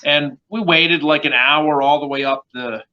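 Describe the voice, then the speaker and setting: Man, Northern US accent, podcast host, bright higher voice, dull lo-fi sound. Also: a little slow. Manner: chatty, animated storyteller. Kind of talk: casual interview chat.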